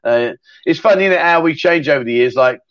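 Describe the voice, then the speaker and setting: Chatty host, fairly high voice. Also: male voice, fast, a bit bright, no room sound. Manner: chatty, rambling, laughs easily. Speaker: livestream host. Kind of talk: casual livestream chat reading viewer comments. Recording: dull, dry sound.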